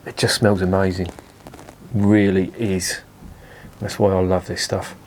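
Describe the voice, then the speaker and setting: A man's voice: low voice, flat delivery, a little slow, darkish tone, slight background noise. A man giving a casual beer review, blunt and enthusiastic, swearing freely.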